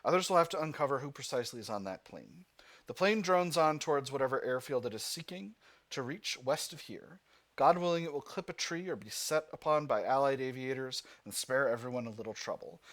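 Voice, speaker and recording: Lively-voiced man playing a game aloud. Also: medium pitch, a little fast. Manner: thinks aloud with fillers and restarts between read passages. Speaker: gaming channel host. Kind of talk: let's play commentary, reading game text aloud.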